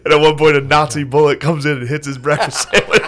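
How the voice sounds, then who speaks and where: A man's voice: fairly high pitch, little pitch movement, fast, fairly bright tone. A man co-hosting a podcast, chatting casually and riffing through comic bits, laughing often. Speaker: podcast co-host. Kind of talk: casual comedic chat.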